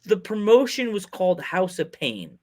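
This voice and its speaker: A man hosting a podcast, telling rambling, excitable stories in casual chat. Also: high-pitched, normal speed. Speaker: podcast host.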